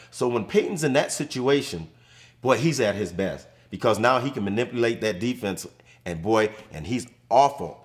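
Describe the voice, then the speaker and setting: An older man in his sixties sits in a studio as a guest and tells football stories. He talks casually and gets animated when he acts out what people said. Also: mid-range voice. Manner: animated storyteller, acts out quotes. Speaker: guest, former pro football player. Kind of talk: casual studio chat, storytelling. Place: studio set.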